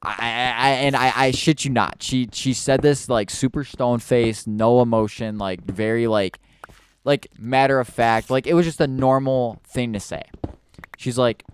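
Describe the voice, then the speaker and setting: A man's voice: mid-range voice, fairly even intonation, normal speed, smooth, dry recording. A man telling a spooky personal story in a casual, rambling way while he plays a video game, stumbling over restarts and fillers.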